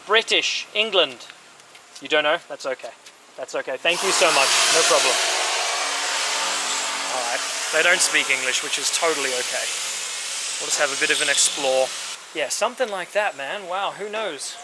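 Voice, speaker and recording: Chatty guy vlogging outside at a car yard, kinda high voice, traffic noise all around. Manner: upbeat, chatty, speaks slowly and simply to locals. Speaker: travel vlogger. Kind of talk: casual travel vlog chat. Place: outdoors at a street-side car yard. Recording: outdoor street noise and passing traffic.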